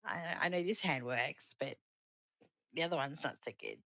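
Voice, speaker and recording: A woman's voice: deep voice, normal speed, a bit bright, no room sound, muffled recording. A woman hosting a casual craft livestream from home, chatting with viewers and laughing often. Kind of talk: casual chat.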